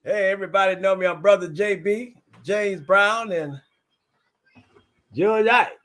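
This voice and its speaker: High-voiced man bragging playfully. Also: a little slow, a bit bright. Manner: boastful joking banter. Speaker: guest. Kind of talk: casual comedic chat.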